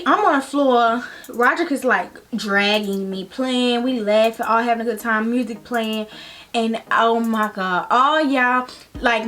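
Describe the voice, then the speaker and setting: A woman's voice: on the high side, fairly bright tone. Slangy young woman telling a storytime. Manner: dramatic, slangy storytelling, addresses viewers as y'all. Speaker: vlogger. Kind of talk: casual storytime vlog.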